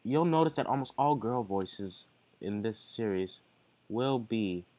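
A man's voice: on the low side, lively intonation, measured pace, dark tone. A man hosting a game playthrough, rambling and joking between lines. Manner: rambling, jokey. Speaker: let's play host. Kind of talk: casual gameplay commentary.

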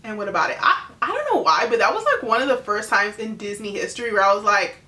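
A woman's voice: medium pitch, roomy sound. A woman casually recapping a movie she just watched, chatty and full of fillers, briefly acting out the characters. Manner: animated, acts out characters in quick impressions. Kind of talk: casual chat.

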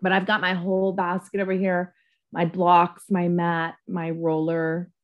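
A woman co-hosting a casual chat show, making her guesses aloud in an unhurried, thinking-out-loud way. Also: lowish voice, completely flat delivery, highs cut off. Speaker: co-host.

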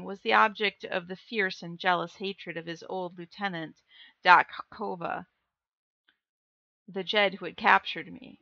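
Woman reading a book on stream, jokey asides to chat, bright voice, dry dull mic. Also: mid-range voice, no room sound. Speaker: livestream book reader.

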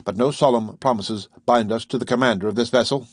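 An earnest, formal professor pleads his case politely, as a man reads him in an audiobook. The tone is slightly husky and dry. The pitch is middling. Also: fairly quick, no echo, close to an everyday voice. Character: earnest male professor, captive and indignant. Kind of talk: audiobook character reading.

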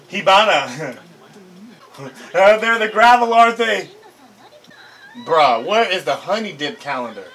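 A man with a high-sitting voice gives excited, casual reaction commentary on an anime episode. He's hyped and slangy, laughing often.

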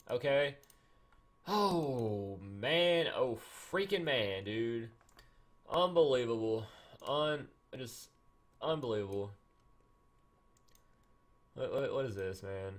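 A man giving casual, excitable gameplay commentary, repeating himself and acting mock-angry. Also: mid-range voice. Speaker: gaming YouTuber.

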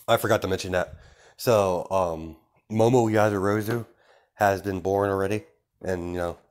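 A man's voice: deep voice, fairly even intonation, normal speed, clean tone. A man narrating a fan story in casual, improvised style, rambling with many fillers and restarts.

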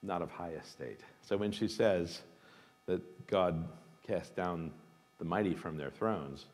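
A man with a very low voice gives an informal talk, thoughtful and emphatic, often pausing on fillers and restarting his phrases. His voice carries a long reverb, as in a large hall. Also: darkish tone. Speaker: guest speaker, seminary dean. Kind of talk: informal lecture with questions.

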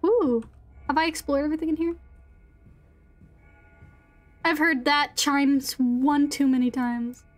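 A woman's voice: high voice, steady tone, slow, pauses often, soft background music. A young woman streamer giving live gaming commentary, giggly and reactive, swearing and exclaiming often.

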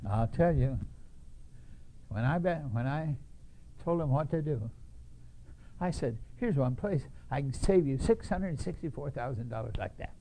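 Gravelly older man spinning a blunt yarn. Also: mid-range voice, lively intonation, measured pace, pauses often, warm tone. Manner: blunt, emphatic, chuckling at his own stories. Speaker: Christian speaker telling his life story. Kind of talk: folksy storytelling talk to an audience.

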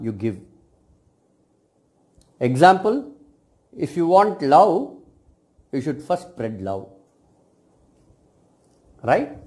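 Slow-speaking man lecturing. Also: on the high side, very animated, a little mellow. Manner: measured, ends phrases with a questioning "right?". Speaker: cosmetic science lecturer. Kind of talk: reflective video talk to students.

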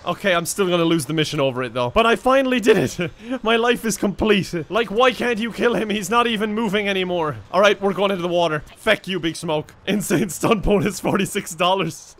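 A young Irish man giving joking, excitable let's play commentary, laughing often. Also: high voice, brisk. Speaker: gaming YouTuber.

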